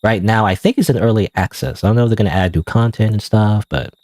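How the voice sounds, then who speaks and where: A man's voice: lowish voice, fast, darkish tone, no echo, clean studio sound. A man streaming a game live, giving casual, rambling, self-deprecating commentary full of "you know" and "I don't know.". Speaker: gaming streamer.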